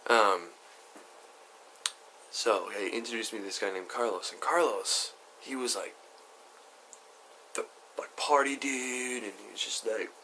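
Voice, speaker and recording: A man's voice: on the low side, measured pace, long pauses, pushed and bright, slight background noise. A young man telling a story on his vlog in a chatty, rambling way, full of asides. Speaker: YouTuber.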